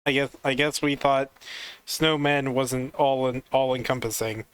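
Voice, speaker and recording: Brief: halting, slow-talking man, casual co-host, smooth clear voice. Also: mid-range voice, steady tone, a bit bright. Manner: halting, many restarts. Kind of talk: casual chat.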